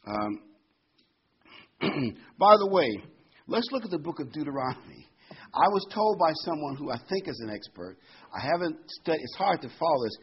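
A man preaching a sermon, reading scripture slowly and telling folksy jokes. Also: fairly high pitch, very animated, muffled recording, a little hiss or hum. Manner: folksy, reads scripture slowly, laughs at his own jokes.

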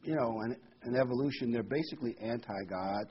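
A middle-aged man preaches with insistent, repeated emphasis, his voice husky and mid-pitched. He reads scripture aloud and swings between loud and quiet. The recording sounds dull and lo-fi. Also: a little fast. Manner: emphatic, repeats phrases, rising and falling loudness. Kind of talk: prophecy sermon with scripture reading.

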